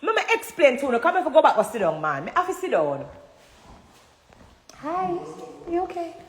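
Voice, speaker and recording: A Jamaican woman speaks to her fans in a high voice, emphatic and animated, often rising to loud bursts. Her phone sits in a room that echoes with a long reverb trail. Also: quick pace. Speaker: dancehall artist addressing fans. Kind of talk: casual livestream talk. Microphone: phone livestream.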